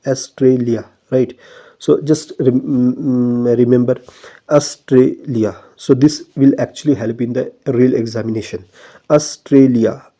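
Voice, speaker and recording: A man with an Indian English accent teaching an exam-prep lesson, pausing often and checking in with "right?". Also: mid-range voice, mellow. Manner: hesitant, many fillers and restarts, repeats "right?".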